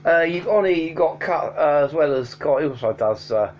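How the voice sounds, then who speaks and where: A man's voice: on the high side, expressive, moderate pace, soft background music. A man casually reviewing albums at home, rambling with many ums and restarts but enthusiastic. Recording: dull lo-fi sound with faint hum.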